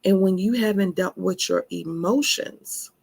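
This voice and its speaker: Woman, husky gravelly voice, emphatic motivational talk. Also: medium pitch, a little slow, darkish tone. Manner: emphatic, laughing asides, calls listeners honey. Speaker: self-care speaker.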